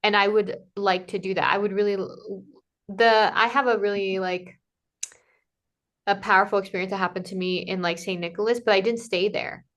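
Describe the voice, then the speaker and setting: A woman in casual conversation, telling a personal travel story in a lively way, acting out what people said to her and filling her talk with "like". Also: medium pitch, normal speed. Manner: animated, acts out quoted dialogue, many "like" fillers. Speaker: podcast guest, Camino pilgrim.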